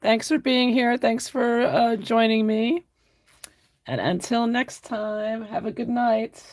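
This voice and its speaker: A woman's voice: a little high, fairly even intonation, slow pace, darkish tone. A woman hosting an art livestream, chatting casually and answering viewer comments while she paints, often laughing.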